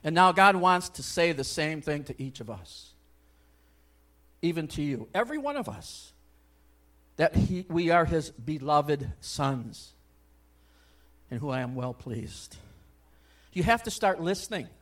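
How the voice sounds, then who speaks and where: A male pastor preaching a sermon in a church. He talks conversationally with many asides, swinging between loud exhortation and soft, hushed remarks. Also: on the high side, sing-song, a little slow, long pauses. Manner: conversational, frequent "I mean" and "you know".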